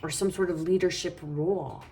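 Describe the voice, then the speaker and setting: A woman's voice: lowish voice, moderate pace, creaky, dark tone. A woman giving a casual tarot reading, talking in a meandering, reassuring way and thinking aloud as she goes. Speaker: tarot reader.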